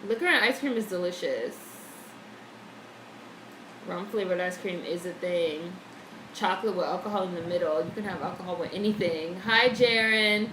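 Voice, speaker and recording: This woman's lowish voice moves at a moderate pace, broken by long pauses. She's casually livestreaming from a room at home, swearing freely and reading messages from viewers aloud, with echo and faint background noise in the recording.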